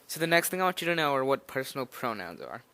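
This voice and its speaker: A young man talks through a beginner's lesson in a loose, slightly nervous way, stopping and restarting his sentences. His voice is smooth and clear, recorded close up with a dry, roomless sound. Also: medium pitch, sing-song, fast, pushed and bright, no echo. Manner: nervous, rambling, hesitant with fillers and restarts. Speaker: language teacher. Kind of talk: informal spoken lesson.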